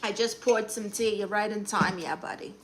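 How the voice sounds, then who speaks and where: With slight background noise behind her, a medium-pitched woman talks at a moderate pace in her Brooklyn, New York accent. She gives advice on a relaxed livestream, answering comments sassily, teasing viewers, and calling them honey.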